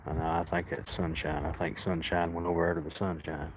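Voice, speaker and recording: A man, casually live-streaming outdoors while feeding and softly coaxing the cats of a colony. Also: sits low, flat delivery, fairly quick, background noise. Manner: folksy, talks softly to the cats and coaxes them. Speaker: cat sanctuary caretaker streaming live.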